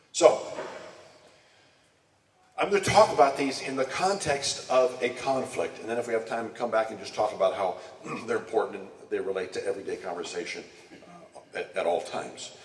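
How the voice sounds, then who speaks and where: A man's voice: sits low, expressive, moderate pace, pauses often, recorded from a distance, a little hiss or hum. A man giving a conversational teaching talk at church. He repeats words, restarts, and asks the audience questions. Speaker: church speaker. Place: church meeting room. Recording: echoey room recorded from afar.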